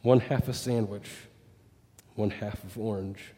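A man's voice: fairly low pitch, steady tone, a little slow, mellow, big-room sound. A pastor telling a story in a sermon, voicing quoted dialogue as he goes. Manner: retells a story with quoted dialogue, rising and falling with it.

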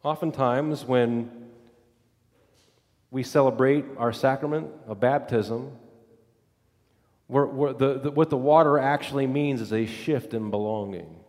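A man preaching a sermon as pastor, with an emphatic, repetitive cadence that drops low and soft for scripture. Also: measured pace, pauses often. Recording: long reverb of a large hall.

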